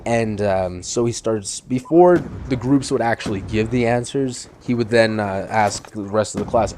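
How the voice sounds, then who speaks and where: A teenage boy talks over his gameplay in a loose, rambling way, stumbling through fillers and restarts. His voice is mellow and unhurried, with a faint hiss of noise behind it. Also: on the low side. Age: teens. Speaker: channel host. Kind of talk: gameplay commentary.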